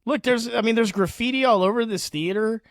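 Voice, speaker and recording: A man's voice: very high voice, dry recording, studio quality. A young man co-hosting a podcast in casual chat, joking, rambling and laughing easily. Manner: jokey, quick to laugh, loose rambling. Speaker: podcast co-host.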